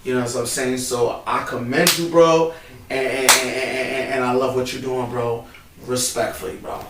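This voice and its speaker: A man's voice: medium pitch, flat delivery, moderate pace. A man in casual, emotional chat, peppering his talk with "bro" and "man", recorded in a church building. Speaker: co-host. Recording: roomy, distant mic, faint background noise.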